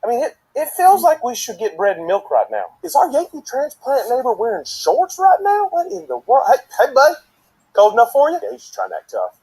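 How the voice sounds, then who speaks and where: A man with a Southern US accent performing a comedy sketch in an animated, exaggerated folksy way. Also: very high voice, a little fast, husky, poor audio.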